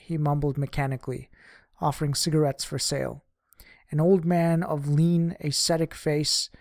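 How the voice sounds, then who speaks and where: A man narrates a first-person memoir with a steady, measured delivery. His voice sits a little high for a man. The recording is close and dry, with no room sound. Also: no echo. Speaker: audiobook reader. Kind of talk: scripted narration of a diary memoir.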